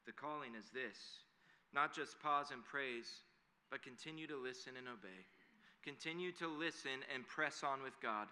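A man's voice: mid-range voice, normal speed, pushed and bright. A man preaching a sermon in an earnest way that builds to emphatic declarations. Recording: long hall reverb.

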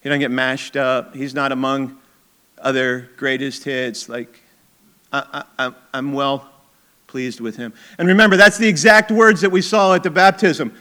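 A man's voice: mid-range voice, normal speed, bright, forceful tone. A middle-aged man preaching a sermon as a pastor, conversational and emphatic, with chuckling asides.

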